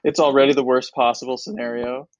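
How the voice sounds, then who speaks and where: A man telling a lively, animated story in casual chat, slipping into the voices of the people in it. His voice sits at a middle pitch. The sound is dry and close, with no room echo. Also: fast, muffled recording. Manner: animated, acts out other people's lines. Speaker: comedian guest.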